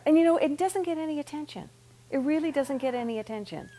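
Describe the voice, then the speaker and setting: A woman hosts a local TV interview show from a studio. Her pitch moves a lot and sits a little high. She talks in an effusive, complimentary way. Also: expressive, fast, warm tone. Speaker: TV talk show host. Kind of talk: casual interview chat.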